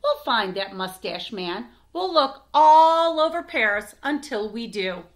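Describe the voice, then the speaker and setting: A woman's voice: big pitch swings, a little slow. A woman voicing a startled elephant queen. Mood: reassuring. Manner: high, exclaiming. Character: excited queen elephant, motherly.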